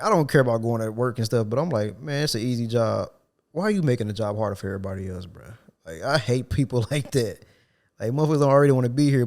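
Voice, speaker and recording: A man on a casual podcast, telling a work story in slang and acting out the people he quotes. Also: medium pitch. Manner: animated storytelling, acts out quotes with a raised voice. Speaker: podcast co-host. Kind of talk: casual chat.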